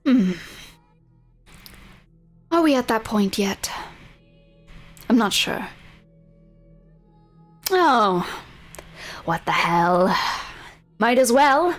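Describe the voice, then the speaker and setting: Woman doing a cool, sneering sorceress, taunting and unhurried. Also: medium pitch. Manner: calm, taunting, smooth. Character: cold, mocking older sorceress mother.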